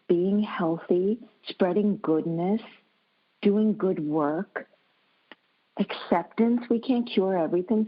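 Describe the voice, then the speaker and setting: A woman psychologist, a guest on a talk show, giving calm and reassuring advice in a measured way. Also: lowish voice, highs cut off. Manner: measured, reassuring, slows down to stress points.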